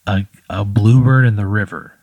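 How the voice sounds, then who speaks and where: Husky, low-voiced man reacting with disbelief. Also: fairly even intonation, moderate pace, darkish tone, no room sound, muffled recording. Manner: incredulous, swearing reactions. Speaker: player. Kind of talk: casual chat.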